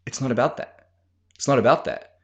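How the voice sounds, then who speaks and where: A podcast host who coaches men gives casual, blunt instruction on how to talk with their partners, swearing freely and acting out sample lines. His voice is mid-range and fairly quick, and the recording is lo-fi.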